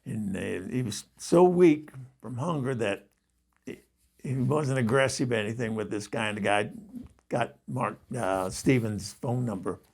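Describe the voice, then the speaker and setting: A man hosting a show and telling a story in a casual, halting way with chuckles and fillers. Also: medium pitch, vocal fry, a little mellow. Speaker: storyteller host.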